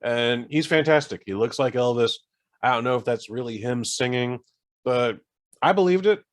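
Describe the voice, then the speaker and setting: Male podcast co-host, mid pitch, chatty and rambling, casual film talk. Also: moderate pace. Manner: rambling, animated storytelling with fillers. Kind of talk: casual chat.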